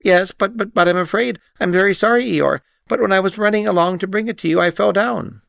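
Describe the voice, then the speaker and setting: A man voicing a timid, anxious little male piglet who stammers in a high squeaky voice, in a storybook reading. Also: a little fast, creaky, fairly bright tone, no echo. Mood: nervous. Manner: stammering, nervous. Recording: dull lo-fi recording.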